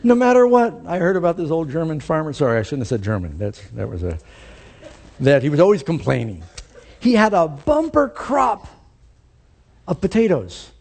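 A male pastor preaching a sermon with animated, storytelling energy that climbs to emphatic high points. His voice sits a bit high yet sounds mellow and relaxed in tone. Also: normal speed, gravelly, slightly rough.

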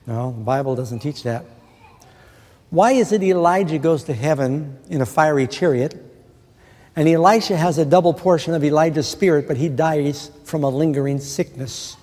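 A man preaching a sermon in an earnest way, asking rhetorical questions and slowing down to quote scripture. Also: a little high, warm tone. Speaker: pastor. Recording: long reverb of a large hall.

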